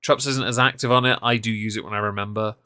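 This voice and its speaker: A man co-hosting a casual podcast chat, sarcastic and quick to laugh. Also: on the low side, steady tone, bright, forceful tone, clean tone, no room sound, studio quality. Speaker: podcast co-host.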